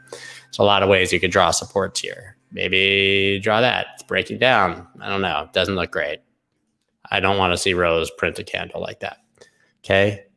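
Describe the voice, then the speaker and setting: Low gravelly guy going over charts on a live stream, sarcastic and rambly. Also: sharp tone. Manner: rambling and sarcastic, goes off on tangents, swears, talks to chat. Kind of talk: casual live-stream commentary.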